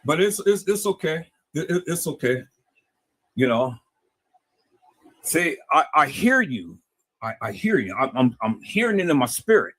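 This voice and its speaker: A man's voice: fairly high pitch, very animated, a little slow, pauses often, fairly bright tone, husky, dry recording. A man talking to his viewers in a casual, preachy way, often stammering and repeating words. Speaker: video host.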